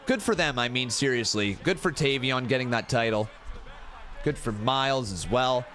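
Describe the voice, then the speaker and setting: With soft music playing behind him, a young man speaks at medium pitch and normal speed while running a live watch-along. He's excitable, laughs a lot, and addresses chat as "guys" and "bro" in a casual commentary style.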